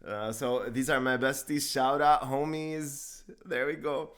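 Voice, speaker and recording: A man co-hosting a casual podcast chat, talking in an animated and joking way. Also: medium pitch, a little slow, smooth. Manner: animated and joking, with frequent laughs.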